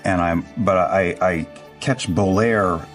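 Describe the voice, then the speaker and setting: A man playing a tabletop game, speaking in a hesitant, measured way. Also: low-pitched, faint music behind. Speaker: tabletop player. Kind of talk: casual play.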